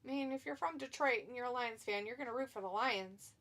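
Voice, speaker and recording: A woman hosting a live watch-along in casual, chatty commentary. Her voice sits high and bright with a sharp edge. She giggles often and reads chat aloud. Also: quick pace, hardly any pauses. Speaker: stream host.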